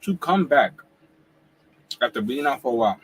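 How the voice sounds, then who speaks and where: A man in his forties hosting a casual live wrestling reaction chat at home, talking in relaxed slang while he eats. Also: medium pitch, normal speed, slight background noise, rough recording. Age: 40s. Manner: laid-back slangy talk, eating while talking. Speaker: wrestling YouTuber host.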